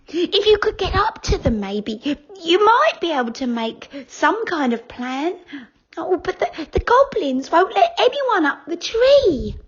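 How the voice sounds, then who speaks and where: A woman's voice: extremely high pitch, very animated, slow pace, lo-fi sound, pitched above the performer's own voice, heavily acted. A woman reading aloud, voicing a fretful, hesitant little red squirrel.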